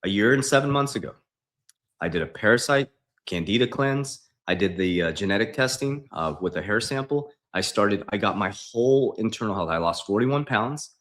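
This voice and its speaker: A man's voice: on the low side, a bit bright. A man as a financial coach on a livestream, emphatic and preachy, repeating his points. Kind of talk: livestream talk.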